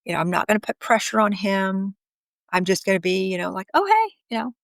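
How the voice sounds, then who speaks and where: A woman's voice: mid-range voice, little pitch movement, a little fast, dry recording, clean studio sound. A middle-aged woman candidly telling a personal story in a chatty way, acting out what people said. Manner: candid, chatty, acts out quoted speech. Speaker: guest telling her story.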